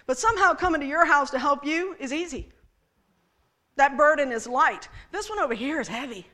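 A woman's voice: sits high, expressive, brisk, bright, forceful tone. A woman preaching a sermon to a congregation, playful and teasing as she talks to the people in the room. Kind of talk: sermon with props.

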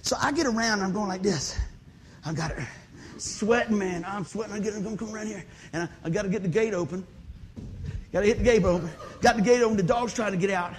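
High-voiced animated male preacher. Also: fast, slight background noise. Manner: animated, laughing, bursts of shouted exclamations. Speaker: pastor. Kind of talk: comic storytelling sermon.

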